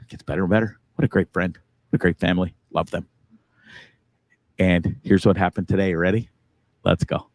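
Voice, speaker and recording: A man hosting a live online talk show in a relaxed, chatty way, sighing now and then. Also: low voice, normal speed, long pauses, dry recording. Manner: laid-back, chatty, sighing. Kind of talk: casual live-show chat.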